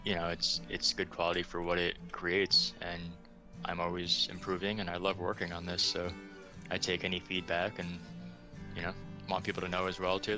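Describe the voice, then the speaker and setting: A man speaking as an interview guest, modest and rambling with plenty of fillers. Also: deep voice. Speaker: guest asset creator. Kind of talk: casual interview chat.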